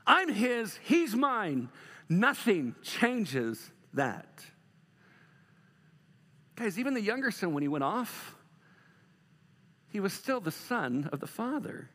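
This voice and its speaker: Male pastor, middle-aged, sermon, emphatic then hushed, high voice, reverberant hall. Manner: animated, swings from loud emphatic to soft and slow.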